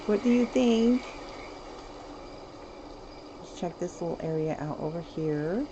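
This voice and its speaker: A woman streaming a life-sim game, chatty and giggly, talking straight to her viewers, over steady background noise. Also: lowish voice, slow. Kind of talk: casual gameplay commentary.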